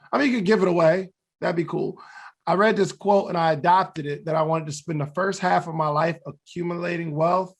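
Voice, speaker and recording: A man co-hosting a podcast, talking through goals in an earnest, reflective way and laughing at himself now and then. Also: a little high. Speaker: podcast co-host. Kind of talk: motivational talk.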